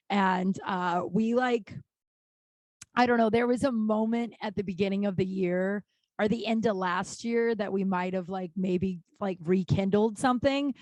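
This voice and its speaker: A woman in her thirties hosting her own podcast, talking candidly in a rambling, profane way with many restarts and sudden animated outbursts. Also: fairly low pitch, dry recording. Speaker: podcast host. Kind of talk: casual solo podcast monologue.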